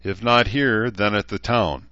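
A man voicing a calm, thoughtful male noble commander who explains things in a reasoned, measured way, in an audiobook. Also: on the low side, no echo, muffled recording, voice pushed up. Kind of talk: audiobook character voice.

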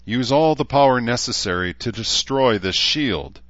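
A man's voice: medium pitch, animated, moderate pace, a bit bright, no echo, pitched above the performer's own voice, lightly acted. A man voicing a ruthless, furious man who speaks in a commanding, formal tone, on a dull lo-fi recording.

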